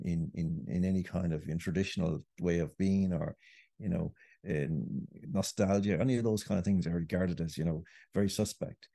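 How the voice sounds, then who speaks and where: A man's voice: deep voice, creaky, mellow, no room sound, studio quality. A middle-aged Irish man, a writer and podcast guest, making a long, earnest argument. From Ireland. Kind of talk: podcast interview.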